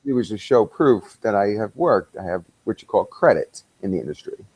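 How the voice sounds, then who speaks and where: Animated storytelling man, lower voice. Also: normal speed, breathy edge, low-quality recording. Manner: animated storyteller, acts out quoted dialogue, laughs often. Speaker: podcast guest, visual effects artist. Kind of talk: casual storytelling interview.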